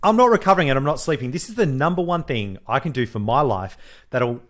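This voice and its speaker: A man co-hosting a podcast in casual chat, animated, swearing freely and mimicking others as he tells stories. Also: mid-range voice, fast talker. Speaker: podcast co-host.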